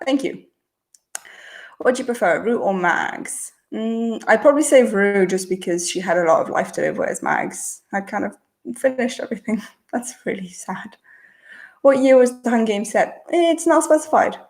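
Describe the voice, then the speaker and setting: A young woman hosting a casual livestream, reading out chat questions and answering in a relaxed, chatty way, thinking aloud before she replies. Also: on the high side. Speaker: channel host.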